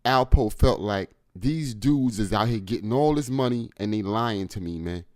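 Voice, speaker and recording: A man's voice: on the low side, lively intonation, normal speed, a little mellow, no echo. Man w/ AAVE breaking down a street story, dry close sound, pushy emphatic delivery. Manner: emphatic, addresses listeners directly. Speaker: host.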